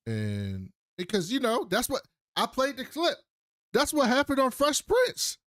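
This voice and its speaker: A man's voice: very high-pitched, wildly swooping pitch, a little slow, fairly bright tone, no echo, studio quality. A man co-hosting a podcast, retelling scenes in casual slang with profane asides. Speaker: podcast co-host. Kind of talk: casual recap chat.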